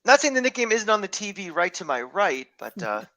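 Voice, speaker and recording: Bright, opinionated man ranting about sports. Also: sits high, sing-song, a little fast, dry recording, poor audio. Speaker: podcast guest. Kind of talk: casual sports podcast chat. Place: hotel room.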